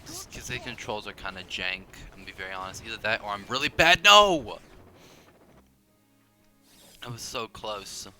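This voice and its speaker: A man's voice: fairly low pitch, steady tone, pushed and bright, faint music behind. Rambling young man playing pinball. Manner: rambling, self-deprecating, quick restarts and tangents. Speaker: gaming video creator. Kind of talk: casual gameplay commentary.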